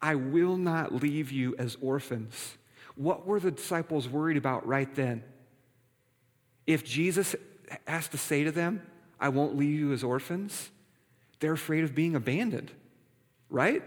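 A male pastor preaching a sermon in a conversational, playful way, often checking in with the congregation. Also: a little high. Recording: reverberant hall.

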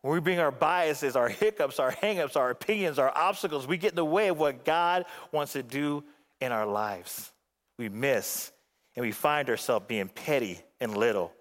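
A man preaching a sermon as a guest pastor from the Phoenix area, swinging between emphatic outbursts and hushed, low passages. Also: moderate pace. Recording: long hall reverb.

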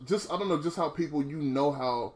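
A man's voice: a little high, fairly quick. A man co-hosting a podcast, talking frankly in casual chat, swearing often and calling others "bro". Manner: frank, profane, says "bro" a lot, many restarts. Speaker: podcast co-host.

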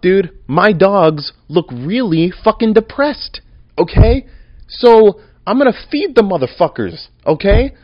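Young male podcast host, slightly high and very lively voice, profane rambling rant, dull dry recording. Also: dry recording. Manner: profane, rambling and animated, with swings between mumbling and loud outbursts. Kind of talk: casual solo podcast rant.

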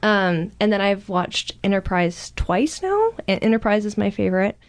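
A woman in her thirties chatting on a podcast, an enthusiastic fan with quick asides and some cursing. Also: medium pitch, animated. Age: 30s. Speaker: podcast guest. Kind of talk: casual podcast chat.

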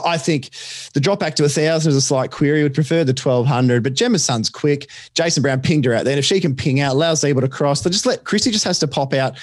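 An Australian man tipping horse races on a podcast, chatty and quick, with lots of fillers and restarts. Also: mid-range voice, no echo, clean studio sound. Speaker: racing podcast tipster. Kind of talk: casual racing chat.

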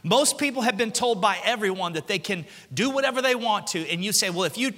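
Us preacher guy, high bright voice, emphatic, talks right at the crowd. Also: animated, a little fast. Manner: emphatic, conversational preaching with rhetorical questions. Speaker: senior pastor. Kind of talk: sermon.

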